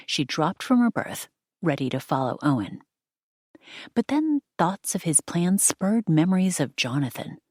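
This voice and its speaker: A woman narrating an audiobook in a steady, measured storytelling manner. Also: low voice, no echo, studio quality. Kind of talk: scripted narration.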